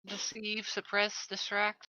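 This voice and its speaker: A woman playing a tabletop game, speaking quietly and hesitantly. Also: medium pitch, monotone, slow pace, smooth, no echo. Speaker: player. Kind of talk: casual talk at a game table.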